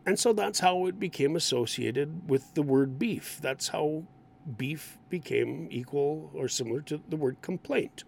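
A man teaching English idioms, explaining each one and acting out example lines in an animated way. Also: fairly high pitch, a little slow, creaky.

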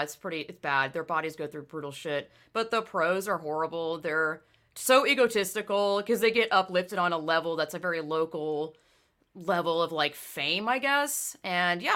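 A young woman chatting casually on a podcast, telling animated stories that burst into loud, profane rants. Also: lowish voice. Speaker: former amateur cyclist.

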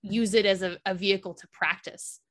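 A woman's voice: medium pitch, fairly even intonation, brisk, fairly bright tone. A woman hosting a podcast, interviewing a dance teacher in an enthusiastic, encouraging way. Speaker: podcast host.

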